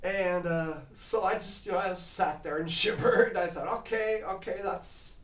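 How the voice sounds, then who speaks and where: A man's voice: high voice, moderate pace, a bit bright. A man telling a casual travel story at home, rambling with lots of fillers. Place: home kitchen. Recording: roomy kitchen, mic at a distance.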